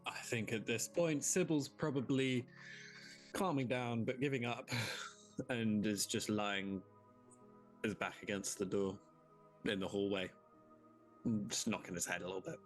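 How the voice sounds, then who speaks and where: A man player at a tabletop game, relaxed and thoughtful. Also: on the low side, unhurried, long pauses, faint music behind. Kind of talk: casual tabletop play.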